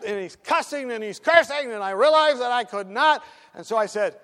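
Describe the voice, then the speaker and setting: A man's voice: sits high, fairly quick, hardly any pauses, long reverb tail. A man telling a story from his hospital work in a sermon, acting out the voices and dropping to whispers. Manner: animated, acts out voices, drops to whispers.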